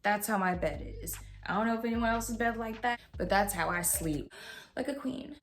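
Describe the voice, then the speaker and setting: A young woman vlogger casually telling a story at home, animated and swearing freely as she acts out what people said. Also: medium pitch, moderate pace. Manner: animated, swears freely, voices others in quotes. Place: home room with a heater.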